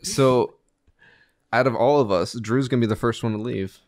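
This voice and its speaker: A man's voice: medium pitch, normal speed, darkish tone, no echo, clean studio sound. A young man in his twenties in casual podcast chat, teasing and needling his friends. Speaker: podcast co-host.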